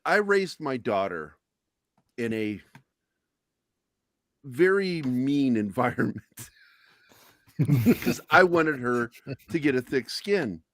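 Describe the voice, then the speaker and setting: Brief: middle-aged man, deadpan storyteller, lively pitch, dry close mic. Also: slow, pauses often, dry recording. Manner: deadpan storyteller with dark humor. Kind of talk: casual chat.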